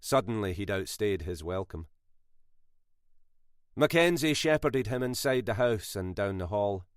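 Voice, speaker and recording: A man reads a thriller audiobook slowly and deliberately, letting his pitch rise and fall freely. The sound is dry and close, with no room around it. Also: animated, clear, resonant tone, dry recording. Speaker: audiobook narrator.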